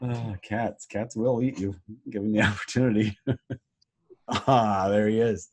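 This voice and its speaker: A man co-hosting a casual chat, relaxed and laughing often as he tells stories. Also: lowish voice, unhurried, breathy edge. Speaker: podcast co-host.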